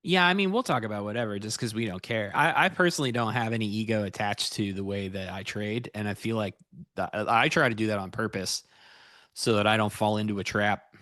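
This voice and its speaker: A man's voice: on the low side, fairly quick, fairly bright tone, no room sound, studio quality. A man co-hosting a live trading stream, talking in an easygoing, self-deprecating, rambling way. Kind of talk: casual live-stream chat.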